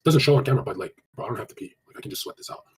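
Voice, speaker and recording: A man's voice: medium pitch, lively intonation, very noisy. A man giving casual dating advice on a live stream, blunt and crude, swearing often and rattling on with many fillers as he answers chat. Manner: rapid, run-on delivery with many fillers.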